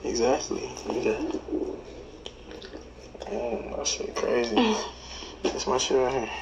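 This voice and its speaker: Gravelly laid-back young man. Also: mid-range voice, sing-song, takes it slowly. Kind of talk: casual chat. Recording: dull sound with noise.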